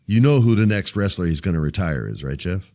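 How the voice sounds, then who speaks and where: A man hosting a wrestling podcast, recapping shows in casual, profane, animated talk. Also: sits low, fairly quick.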